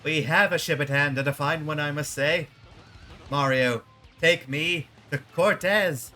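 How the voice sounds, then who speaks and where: A man hamming up a vain, cowardly leader who speaks in grand, self-important flourishes. The voice sits slightly high and bright, with quiet game music underneath. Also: unhurried. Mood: pompous. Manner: theatrical, self-important, dramatic.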